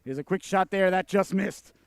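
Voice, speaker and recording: A man calling a youth hockey game play by play, folksy and joking with the listeners, bursting into excited shouts on big chances. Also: sits high, moderate pace, vocal fry, smooth, no room sound. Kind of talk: sports commentary.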